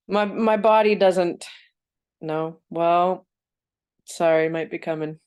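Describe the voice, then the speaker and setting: A woman's voice: fairly low pitch, slow pace, long pauses, a little mellow, clean tone. A young woman with a stuffy nose, chatting casually and thinking aloud in an online book club discussion. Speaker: book club team member.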